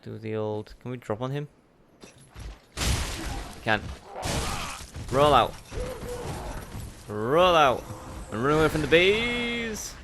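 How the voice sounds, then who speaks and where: A man's voice: mid-range voice, lively intonation, slow, pauses often, noisy background. A man hosting a let's play, giving chatty, self-mocking commentary as he plays and talking back to the game. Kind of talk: gameplay commentary.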